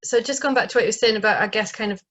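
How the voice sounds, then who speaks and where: Heard over a video call, a woman playwright from northeast England talks in a rapid-fire, chatty way, full of fillers and false starts. She has a northeast English accent and a slightly bright voice on the high side.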